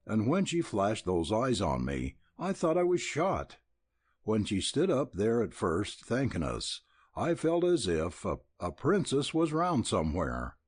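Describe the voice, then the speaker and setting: A man's voice: on the low side, wildly swooping pitch, unhurried, breathy edge, no room sound, clean studio sound, heavily acted. A man doing a smitten young cowboy. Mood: dreamy. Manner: dreamy, rambling.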